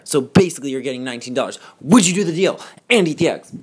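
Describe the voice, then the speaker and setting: A man's voice: mid-range voice, animated, fast talker, hardly any pauses, breathy edge. A man hosting a casual podcast, talking in a mock-outraged, theatrical way and swearing often. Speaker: podcast host. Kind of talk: casual joking podcast banter. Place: cold house.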